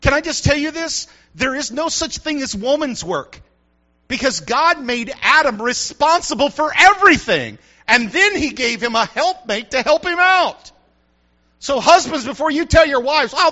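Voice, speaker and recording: A middle-aged pastor preaches in a high, lively voice, swinging up and down as he calls out to his congregation. His tone is bright and forceful. The recording sounds dull and lo-fi. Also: normal speed. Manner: preachy call-and-response, "come on" asides. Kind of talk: sermon.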